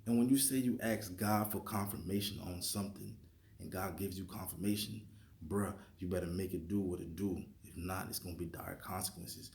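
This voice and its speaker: Deep-voiced man telling a dream story. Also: normal speed, creaky. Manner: animated, acts out his own lines, drops to whispers. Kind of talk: casual storytelling. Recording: echoey room with faint noise.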